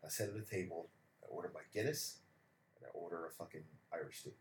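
Low-pitched and fast, a male podcast co-host spins lively stories and swears without restraint in relaxed chat. Faint noise and room echo sit behind him.

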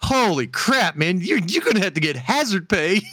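Bright, animated male podcast host. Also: high-pitched, measured pace, pauses often, no echo. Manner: jokey, laughs often, slips into silly voices. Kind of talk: casual podcast banter.

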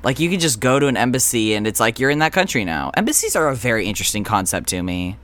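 A man co-hosting a casual podcast, reacting to the story with quick jokes and frequent swearing. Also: mid-range voice, very animated, fairly bright tone. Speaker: podcast co-host reacting to the segment.

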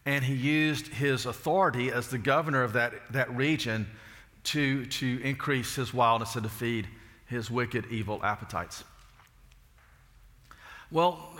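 A man's voice: medium pitch, sharp tone, big-room sound. A man preaching a sermon, telling folksy stories and asking rhetorical questions.

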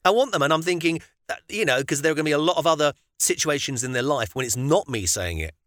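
British male co-host, bright tone, reflective, lively pitch. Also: no room sound, studio quality. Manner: reflective, halting, thinks aloud. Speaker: podcast co-host. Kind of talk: casual chat.

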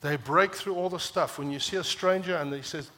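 A man's voice: a little fast, sharp tone. Passionate male preacher. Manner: passionate, rises to emphatic peaks and drops low when quoting scripture. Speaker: pastor. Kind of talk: sermon. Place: church.

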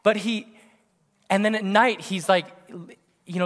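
A man in his thirties preaching a sermon, animated and punchy, with bursts of laughter. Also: sits high, takes it slowly, pauses often. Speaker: pastor. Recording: long hall reverb.

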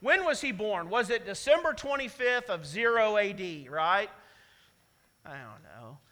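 A man's voice: sits high, sing-song, unhurried, bright, forceful tone, in a large hall. A man preaching a sermon as pastor, talking in an emphatic, conversational way and repeating his key phrases for weight. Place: church sanctuary.

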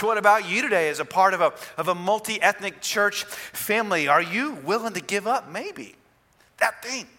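High, bright-voiced preacher in a reverberant hall. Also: male voice. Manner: animated preaching with emphatic rises and soft drops. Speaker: pastor. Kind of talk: sermon.

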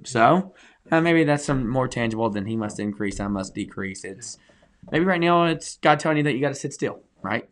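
A man's voice: medium pitch, animated, brisk. A man, a pastor, talking earnestly in a conversational church podcast, repeating phrases for emphasis.

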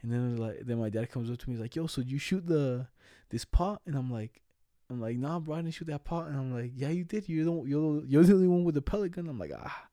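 A man's voice: medium pitch, quick pace, mellow, no echo, studio quality. A young man telling stories in casual chat, slangy, laughing as he goes and swearing a lot.

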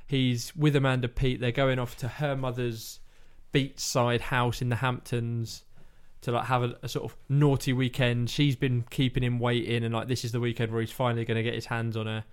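Casual male co-host, rambling storyteller, mid-pitched, acts out quoted lines. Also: flat delivery, moderate pace, few pauses, smooth. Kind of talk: casual chat.

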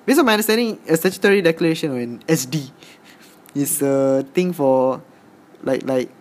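A man's voice: on the high side, normal speed. A young man with a Malaysian English accent, co-hosting a casual chat with dry, teasing remarks. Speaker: podcast co-host.

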